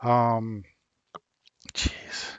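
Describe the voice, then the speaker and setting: Slow, halting man with many ums. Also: medium pitch, monotone, clean tone, no echo. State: a bit worn out. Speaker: vlogger learning Spanish. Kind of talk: casual vlog chat.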